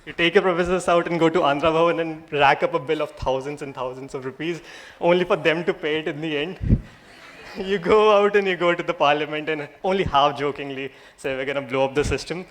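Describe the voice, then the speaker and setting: A man in his late twenties with an Indian English accent, giving a humorous, self-mocking motivational talk to new students and building to loud, emphatic lines. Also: on the high side, brisk. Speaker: speaker addressing new law students.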